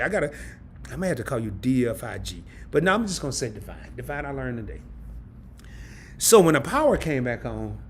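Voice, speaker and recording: A man, hosting a casual live stream from his home and telling a story in an animated, laughing, colloquial way. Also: fairly high pitch, a little hiss or hum. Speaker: host of a travel and credit card channel.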